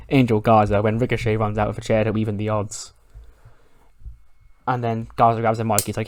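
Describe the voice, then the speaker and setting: A man narrating a wrestling management game playthrough in a casual, animated way, acting out the characters' lines. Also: lowish voice, fairly quick, dry recording. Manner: animated, acts out the wrestlers' dialogue, swears freely. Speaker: gaming commentator.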